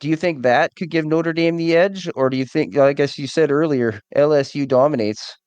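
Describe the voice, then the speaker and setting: A man doing casual play-by-play commentary on a video game league stream, relaxed and joking, still getting over a cold. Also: fairly high pitch, moderate pace, smooth, dry recording. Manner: relaxed, jokey, rambling. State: recovering from a cold.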